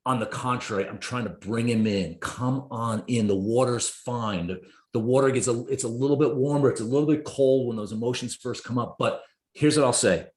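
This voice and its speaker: A man in his fifties chats as a guest, speaking at an ordinary middle pitch. He tells his stories animatedly and acts out the voices of the people in them, jumping suddenly upward in pitch. The recording has a roomy echo around him. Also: brisk, darkish tone. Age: 50s. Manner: storytelling, acts out quoted dialogue with big pitch jumps. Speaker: guest, therapist and executive. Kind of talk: casual conversation.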